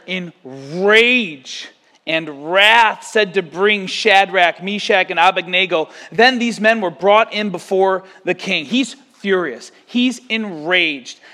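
A man preaching a sermon as pastor, lively, acting out quotes and stories. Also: high-pitched. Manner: animated, acts out quotes and stories.

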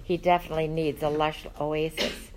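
A woman's voice: sits low, little pitch movement, moderate pace, noisy background. A woman teaching a Bible study, talking in an earnest, conversational way with frequent ums and uhs.

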